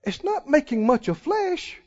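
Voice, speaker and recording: Folksy preacher, high lively voice. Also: male voice. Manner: folksy, emphatic preaching with sudden loud swells and drawn-out words. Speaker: pastor. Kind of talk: sermon. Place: church sanctuary. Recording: muffled recording in a reverberant church hall.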